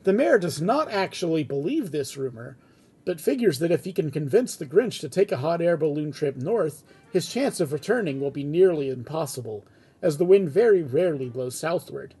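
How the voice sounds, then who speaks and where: A man reading a fan script aloud at home, in a relaxed, chatty way with casual asides. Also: on the high side, moderate pace, breathy edge, soft background music. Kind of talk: casual read-aloud narration.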